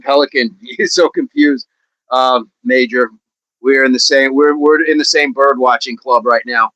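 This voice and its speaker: With a mid-range, slightly bright voice, a middle-aged man runs a casual livestream, reading comments from viewers. He laughs often and repeats phrases playfully, heard on a low-quality recording with no echo.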